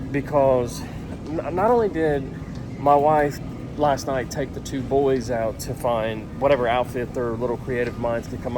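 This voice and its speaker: Dad vlogger, upbeat and joking, mid-pitched, on noisy handheld camera audio. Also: male voice. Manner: upbeat, joking, coaxing his kids. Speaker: vlogger and father. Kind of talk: casual family vlog chat. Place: outdoors trick-or-treating, then a store.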